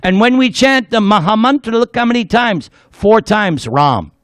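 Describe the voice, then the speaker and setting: Male spiritual lecturer, high and lively voice, playful storyteller, dry sound. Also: normal speed, dry recording. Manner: playful, leads the audience in call-and-response chanting; storytelling with jokes. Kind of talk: devotional class lecture.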